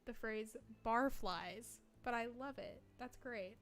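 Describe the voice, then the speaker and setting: Woman streamer with a slightly high voice, chatty and joking, reading a game aloud. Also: takes it slowly, fairly bright tone, a little hiss or hum. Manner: chatty, joking, asides to chat.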